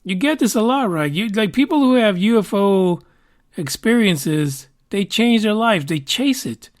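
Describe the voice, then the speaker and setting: A man's voice: high voice, animated, a little slow. A man hosting a podcast, talking casually and rambling, with fillers and the odd swear word. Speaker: podcast host.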